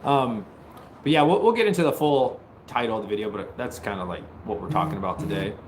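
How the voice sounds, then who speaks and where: A man hosting a casual live stream, greeting viewers and joking, at times breaking into loud mock-taunting. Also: on the low side, a little fast, background noise. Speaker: livestream host. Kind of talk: casual livestream chat with viewers.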